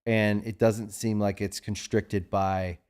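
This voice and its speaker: A man's voice: lowish voice, level tone, takes it slowly, a little mellow, smooth. A man hosting a podcast interview, asking questions with admiring enthusiasm in a casual way. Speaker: podcast host.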